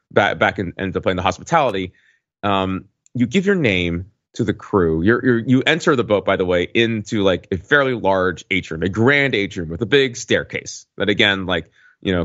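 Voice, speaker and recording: Podcast host, man in his forties, low voice, rambling and filler-heavy, dry dull mic. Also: a bit bright, dry recording. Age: 40s. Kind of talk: casual chat.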